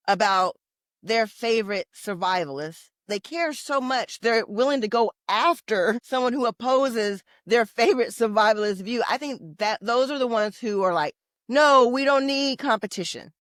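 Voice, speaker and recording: A woman co-hosting a podcast, chatting casually with an animated, opinionated manner. Her voice sits in a middle register and rises in loud bursts when she gets worked up. The sound is close and dry, with no room around it. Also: medium pitch, no room sound. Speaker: podcast co-host.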